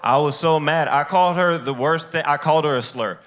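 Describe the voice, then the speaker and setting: A man with a higher-than-usual voice doing a stand-up set on a comedy stage. He tells his stories casually and jumps into shrill, loud voices for the people in them. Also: brisk.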